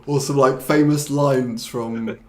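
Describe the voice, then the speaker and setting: A man with a medium-pitched, steady voice hosts a live online English lesson at a slow pace, with slight background noise. He chats casually with a co-host, reads viewers' questions aloud, and switches to Korean to explain things.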